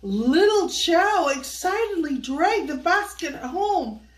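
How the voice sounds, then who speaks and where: A woman's voice: extremely high pitch, big pitch swings, slow, a little hiss or hum. An older woman hosting a children's storybook read-aloud, playfully coaxing young listeners to join in. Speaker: storyteller host. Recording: echoey room, voice from far off.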